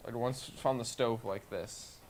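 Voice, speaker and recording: A man on a casual podcast, telling a story haltingly and full of fillers. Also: mid-range voice, a little mellow. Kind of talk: casual chat.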